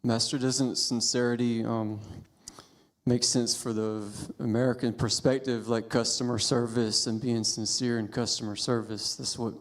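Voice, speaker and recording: A man's voice: medium pitch, flat delivery, normal speed. A male student posing a tentative question in a level, unvaried voice. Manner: hesitant, with many fillers.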